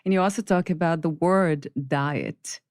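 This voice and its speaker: A woman's voice: on the low side, measured pace, a little mellow, dry recording, clean studio sound. A woman hosting an interview, friendly, asking questions and laughing easily. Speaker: podcast host.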